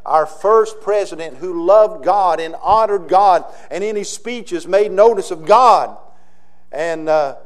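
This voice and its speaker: High-voiced emphatic Southern US pastor. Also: male voice. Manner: emphatic, swings between loud declarations and quiet slowed phrases. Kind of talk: sermon.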